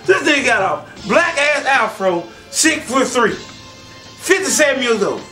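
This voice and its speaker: A man telling profane stand-up comedy stories in a loud, animated way, often breaking into shouts. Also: extremely high pitch, unhurried. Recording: distant mic, faint music behind.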